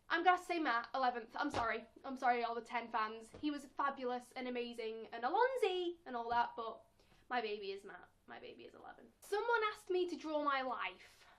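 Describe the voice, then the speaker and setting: A young woman with a British accent, chatting playfully in a casual question-and-answer vlog and acting out quotes in a squeaky voice. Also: lively intonation, brisk, a bit bright. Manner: acts out quotes in a squeaky high voice. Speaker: vlogger.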